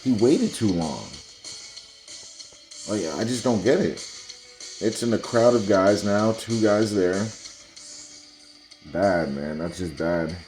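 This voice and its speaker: A man with a low, mellow voice talks his viewers through football plays in a blunt, exasperated way. He sounds casual and keeps addressing the audience directly. Faint music plays underneath. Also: expressive, slow pace, long pauses. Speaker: sports video host. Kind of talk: casual commentary over game highlights.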